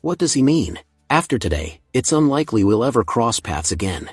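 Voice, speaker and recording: A man voicing a sharp, scornful young noblewoman in a story recap. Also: mid-range voice, sing-song, fairly quick, breathy edge, dry recording, clean studio sound, soft background music. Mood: cool. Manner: cold, contemptuous.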